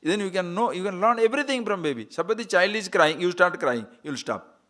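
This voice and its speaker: Man, spiritual teacher, animated swooping voice, rather high, playful, laughs, rhetorical questions. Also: brisk. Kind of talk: lively spiritual talk.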